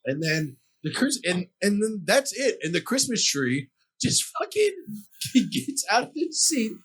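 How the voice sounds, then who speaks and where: A young man co-hosting a podcast, telling a story in casual chat, animated, laughing and swearing freely. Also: high voice, a little slow, breathy edge. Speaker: podcast co-host.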